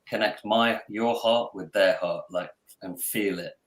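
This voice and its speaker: A man's voice: fairly low pitch, unhurried. A man working as a coach, talking earnestly on a podcast and repeating phrases for emphasis. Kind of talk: podcast conversation.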